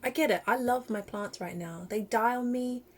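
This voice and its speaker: A woman's voice: fairly high pitch, moderate pace. Emotional woman vlogger reacting. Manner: emotional, animated, laughs often. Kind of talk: casual reaction vlog.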